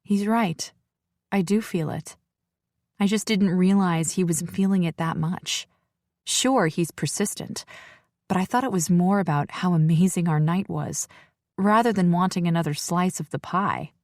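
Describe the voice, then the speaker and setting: A woman narrating a romance audiobook in first person, reflective and even. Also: on the low side, measured pace, no echo, studio quality.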